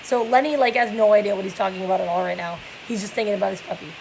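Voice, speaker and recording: A woman's voice: mid-range voice, steady tone, rapid-fire, creaky, slight background noise, rough recording. A young woman reading a novel aloud and explaining it casually, with many fillers.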